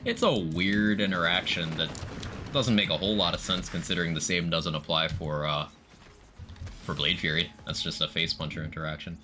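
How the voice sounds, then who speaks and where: A man's voice: low-pitched, moderate pace, bright, forceful tone. A man streaming live, casually explaining game mechanics in detail while greeting viewers in chat. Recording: background noise.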